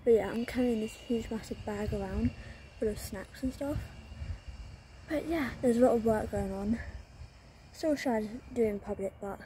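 A woman's voice: a little high, moderate pace, long pauses, warm tone, a little hiss or hum. Chatty young woman vlogging. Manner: chatty, rambling with many fillers. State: out of breath while walking. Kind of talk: casual vlog narration.

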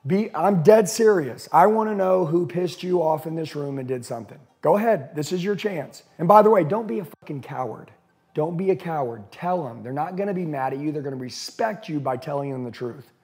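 Forceful, profane male sales coach. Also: on the high side, lively intonation. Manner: intense, emphatic and profane, with rapid rhetorical questions. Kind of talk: motivational business coaching talk.

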